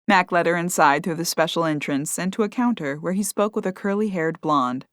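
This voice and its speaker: Lady reading an audiobook, lowish voice, dry close sound, steady storytelling. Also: fairly quick, dry recording. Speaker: audiobook narrator. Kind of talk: scripted narration.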